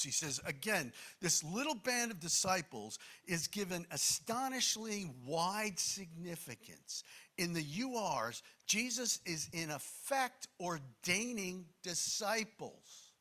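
A man's voice: sits high, sing-song, slow, bright, forceful tone. A man preaching a sermon in an emphatic, conversational way, with asides to the congregation.

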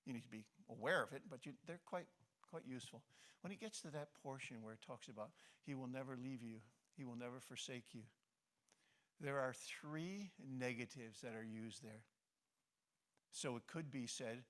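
A middle-aged man preaching a sermon, swinging between loud emphasis and soft, hushed passages, often restarting and repeating phrases. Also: mid-range voice, lively intonation, moderate pace. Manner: impassioned, rising to emphasis then dropping soft. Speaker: pastor.

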